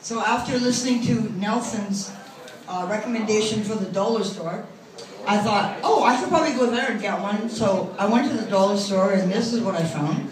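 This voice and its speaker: The comedian's voice is mid-range at a normal speed, picked up by a distant phone mic in the audience. A middle-aged woman on a comedy club stage, she runs through a crude, self-deprecating set while the crowd laughs in the echoey room.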